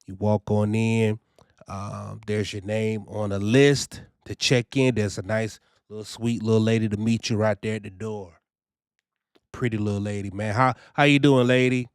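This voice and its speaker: A man's voice: lowish voice, flat delivery, moderate pace, a little mellow, smooth, dry recording, clean studio sound. A young man talking casually and animatedly about his trucking orientation, often saying "you know" and "man.". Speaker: trucking vlogger. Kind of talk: casual first-person review.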